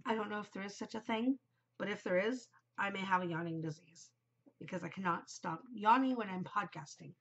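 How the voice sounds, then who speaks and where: A woman's voice: medium pitch, a little fast, a bit bright, muffled recording. A woman in her forties hosting a knitting podcast in an upbeat, chatty way, her nose a bit stuffed from a cold. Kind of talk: casual chat.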